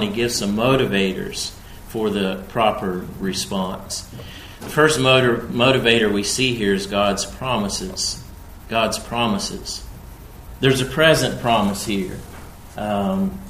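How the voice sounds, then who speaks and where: A man's voice: fairly low pitch, slight background noise. A man preaching an expository sermon, speaking emphatically and rising in force when he quotes scripture. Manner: emphatic, rising loud on quoted scripture, slow deliberate pace. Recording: echoey room.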